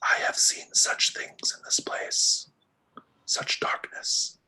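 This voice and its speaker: A man voicing an ancient spirit that speaks from a fire, in slow, hushed and ominous whispered role-play. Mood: eerie.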